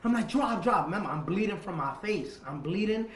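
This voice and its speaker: A man's voice: sits high, animated, brisk. A man, telling a tense personal story in an interview, acting out quotes and swearing freely. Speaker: interview guest. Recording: echoey room with faint ambient noise.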